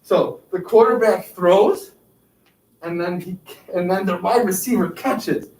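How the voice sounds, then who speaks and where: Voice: mid-range voice, unhurried, darkish tone. A yoga instructor leading an exercise class, counting out repetitions and encouraging everyone as they go. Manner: counting out reps, upbeat encouragement. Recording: echoey room, distant mic, faint noise.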